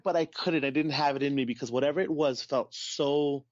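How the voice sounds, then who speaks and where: A man's voice: medium pitch, fairly quick, no echo. A man, a podcast guest, telling a personal story in a casual way and acting out the voices of the people he quotes. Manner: animated, acts out quoted voices. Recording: dull, dry podcast audio.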